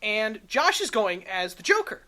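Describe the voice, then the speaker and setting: Young woman rambling on a podcast mic, clear bright voice, lots of ums. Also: medium pitch, very animated, measured pace. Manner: chatty, rambling, with frequent fillers. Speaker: podcast co-host. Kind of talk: casual podcast chat. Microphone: studio microphone.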